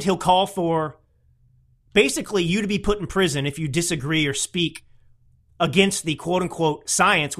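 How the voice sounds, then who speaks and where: A man's voice: high-pitched, a bit bright. A man hosting a political podcast, delivering combative, mocking commentary. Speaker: podcast host.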